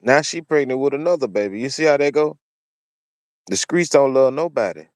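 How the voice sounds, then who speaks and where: A commentary channel host with an animated, mid-range, darkish voice speaks fairly quickly in a dry, clean studio recording. His opinionated solo commentary turns preachy as he repeats phrases for emphasis.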